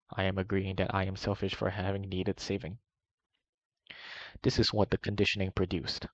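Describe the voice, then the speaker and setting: A man with a low, gravelly voice reads a long first-person document aloud, keeping his delivery flat and steady. The sound is dry and close, with a muffled, lo-fi edge. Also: no echo. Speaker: reader.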